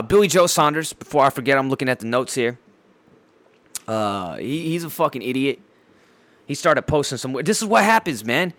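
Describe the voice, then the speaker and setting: A man with a slightly high voice, recorded dry, hosts a casual solo podcast. He rants bluntly and animatedly, swearing heavily, with frequent fillers and repeated words.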